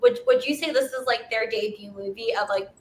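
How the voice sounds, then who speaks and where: A woman in a casual group chat, curious and asking questions. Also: brisk. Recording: echoey room, faint rumble.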